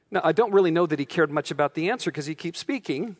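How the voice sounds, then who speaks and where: A man's voice: on the high side, lively intonation, fast talker, few pauses, long reverb tail. A man preaching a sermon as a pastor, earnest and conversational, acting out the quoted lines with feeling.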